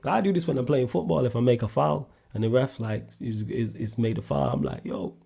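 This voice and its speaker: Male host, gravelly, dark tone, blunt and animated casual sports talk. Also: mid-range voice, brisk. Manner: animated and blunt, rising sharply when making a point. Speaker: solo sports show host answering viewer questions.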